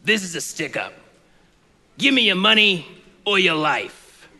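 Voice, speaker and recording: A man voicing a menacing male street robber in a gruff, lowered voice, retelling an old radio sketch inside a sermon. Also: sing-song, a little slow, bright, forceful tone, big-room sound, heavily acted.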